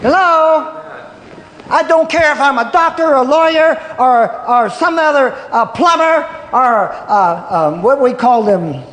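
Unhurried and expressive, a man with a very high-pitched, slightly bright voice delivers a sermon of homespun tales. Frequent "Hallelujah" and "Hello?" call-outs and chuckles punctuate his folksy storytelling, recorded in an echoey hall with long reverb and a little room noise.

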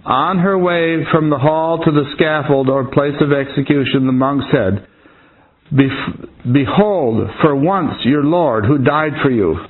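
A man's voice: on the high side, measured pace. Man reading aloud over a tinny line. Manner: earnest reading, breaking into casual asides. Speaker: reader and commentator. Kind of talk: reading a historical account aloud with asides. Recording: tinny phone-like audio with faint noise.

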